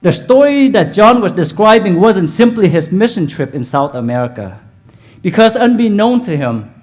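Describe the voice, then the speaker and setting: Animated Vietnamese-accented man giving a talk. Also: sits high, normal speed. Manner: animated, engages the audience with questions. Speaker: dentist and keynote speaker. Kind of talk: storytelling keynote speech. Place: event hall at a hotel.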